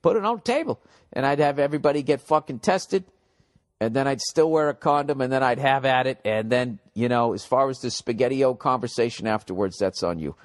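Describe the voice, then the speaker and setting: A man hosting a comedy podcast in a casual, loud, jokey monologue, swearing freely, his voice slightly cracking. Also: mid-range voice, brisk. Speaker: podcast host.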